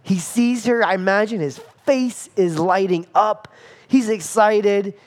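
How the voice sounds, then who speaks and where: A man preaching a sermon as pastor, animated, acting out scenes with playful asides. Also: high-pitched, a little slow.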